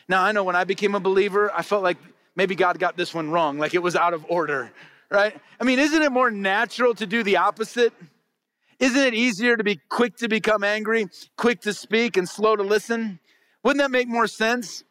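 A man's voice: sits high, a little fast, bright, forceful tone. A man preaching a sermon to his congregation in a conversational way, asking them rhetorical questions. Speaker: pastor. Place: church before a congregation.

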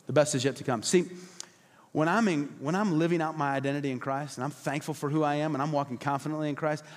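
Passionate male pastor preaching in a hall. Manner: passionate, emphatic preaching with repetition; acts out quoted voices, drops to soft low tones. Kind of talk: sermon. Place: church hall.

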